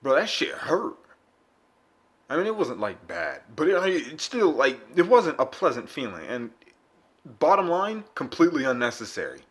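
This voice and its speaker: A young man vlogging, telling a rambling, profane story in a casual monologue with sudden loud bursts. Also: fairly high pitch, big pitch swings, brisk.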